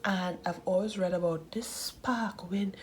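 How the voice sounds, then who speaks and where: A woman of thirty talking candidly in a casual voice-over, often laughing and dropping into soft, whispery asides. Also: medium pitch, steady tone, measured pace, a little hiss or hum. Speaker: art channel host.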